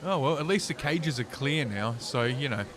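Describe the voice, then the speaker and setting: A man's voice: mid-range voice, animated, normal speed, fairly bright tone, slight background noise. Sarcastic, profane male stream host. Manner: sarcastic, profane, mumbling with many fillers. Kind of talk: casual ranting commentary stream.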